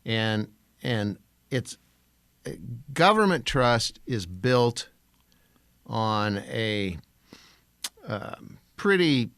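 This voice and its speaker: An older man, a voice actor, co-hosting a podcast in slow, deliberate, wry casual chat. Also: medium pitch, sing-song, fairly bright tone, clean tone, dry recording.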